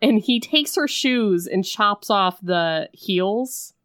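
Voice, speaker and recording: A woman co-hosting a podcast in casual chat, recapping a film and acting out quick bits of its dialogue. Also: mid-range voice, lively intonation, fairly bright tone, no echo, clean studio sound. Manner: chatty, retells scenes with quick acted-out quotes.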